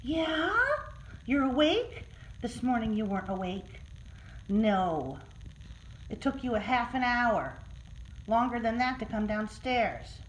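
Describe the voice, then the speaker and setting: A pet sitter in a client's home, cooing in high sing-song baby talk to a cat while filming on a handheld phone. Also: female voice, expressive, takes it slowly, pauses often, a little hiss or hum, low-quality recording. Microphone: handheld phone camera.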